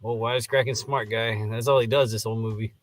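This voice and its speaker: Male co-host, average pitch, easygoing commentary; dry, close sound with faint music. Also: fairly even intonation, fast talker, dry recording. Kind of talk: casual movie review chat.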